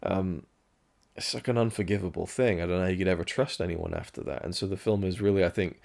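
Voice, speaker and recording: A man talks through a film review in a loose, musing way, candid enough to swear now and then. His voice sits very low, with a gravelly fry at the bottom of it. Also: steady tone, fast talker, a little mellow. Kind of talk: casual spoken film review.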